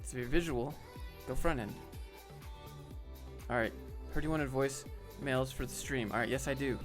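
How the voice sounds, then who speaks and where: A man's voice: medium pitch, moderate pace, over music. A man hosting a live stream, chatting casually with viewers and joking around. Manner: casual, joking, talks to chat by name. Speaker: host.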